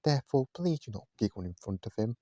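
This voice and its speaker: A man's voice: medium pitch, sing-song, quick pace, dark tone, no room sound. A man voicing a pompous, very formal male restaurant manager in a storybook reading, stiff and over-polite. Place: at home, indoors.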